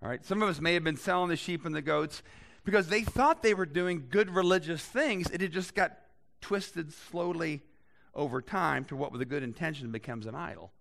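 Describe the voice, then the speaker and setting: A man preaching a sermon in a conversational way, reading scripture aloud and adding lively asides to his listeners. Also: fairly high pitch, normal speed, gravelly. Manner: conversational, animated Bible reading with voiced asides. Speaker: pastor.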